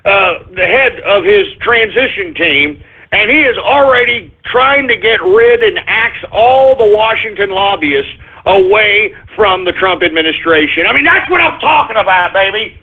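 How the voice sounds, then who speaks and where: A high-pitched, husky male talk radio host who rants loudly and breaks into shouting, stretching out words for emphasis. His voice comes through a tinny, phone-like radio stream. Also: animated, unhurried. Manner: loud irritated ranting with shouted bursts. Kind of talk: ranting internet radio monologue.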